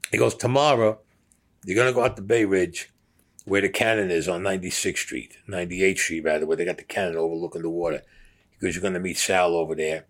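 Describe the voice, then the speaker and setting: A man's voice: low-pitched, fast. A man recounting stories in a blunt, profane way, acting out the dialogue as he goes. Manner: blunt, profane storyteller who acts out dialogue. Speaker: former gangster telling his story.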